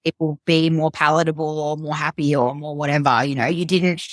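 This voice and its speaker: Earnest, low-voiced woman coach. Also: steady tone, fairly quick, no room sound, clean studio sound. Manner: earnest, explanatory, leans on "like" and "you know". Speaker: mental health and performance coach, guest. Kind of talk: conversational podcast coaching talk.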